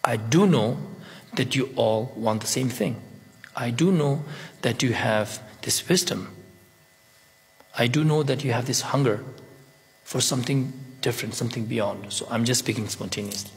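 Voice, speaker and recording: A man's voice: mid-range voice, normal speed, long reverb tail. A man whose first language is Tibetan gives a spontaneous Buddhist talk in English, playful and acting out little scenes. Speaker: Buddhist teacher.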